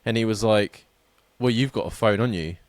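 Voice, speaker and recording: A man's voice: on the low side, normal speed, no room sound. A man, a podcast co-host, telling rambling, self-deprecating stories in casual chat.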